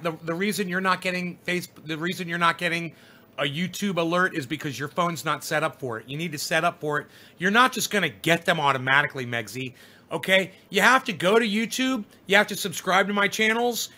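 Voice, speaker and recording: Man, middle-aged, livestream host, high voice, bright tone, rambling, swearing, answering chat. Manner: profane, rambling, lecturing viewers. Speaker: live streamer reading chat.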